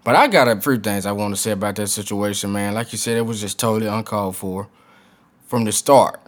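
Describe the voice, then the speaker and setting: A man's voice: fairly low pitch, a little fast. Dude on a sports show walking through his take step by step, real serious about it. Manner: earnest, lays points out step by step. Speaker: podcast co-host. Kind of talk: sports commentary chat.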